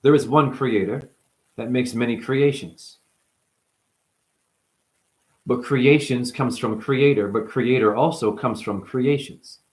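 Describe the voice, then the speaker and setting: Guy riffing spiritual wordplay nonstop, goes quiet then yells out of nowhere. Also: medium pitch, a little slow. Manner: free-associating wordplay, jumps between whispers and sudden loud outbursts. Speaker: spiritual speaker. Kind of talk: rambling spiritual monologue.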